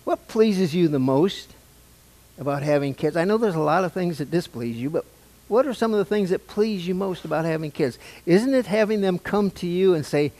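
An older man, the pastor, delivers a sermon to his church in the sanctuary, posing questions to the congregation in a conversational style. He sounds high-pitched, animated and brisk, with a darkish tone.

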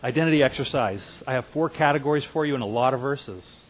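A husky, slightly breathy man in his fifties delivers a sermon as a pastor. He speaks earnestly, sinking into quiet, confiding asides and then climbing into strong, emphatic declarations. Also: medium pitch, fast talker, low-quality recording. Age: 50s.

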